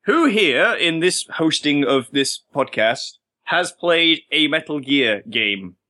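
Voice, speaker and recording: Bright, lively-voiced podcast host. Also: male voice, a little high. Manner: playful, quick to joke and segue. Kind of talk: casual podcast chat.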